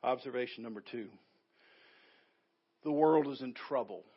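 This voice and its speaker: A man's voice: mid-range voice, moderate pace, husky, dull audio. A man preaching a sermon as pastor, building emphasis through repeated phrases.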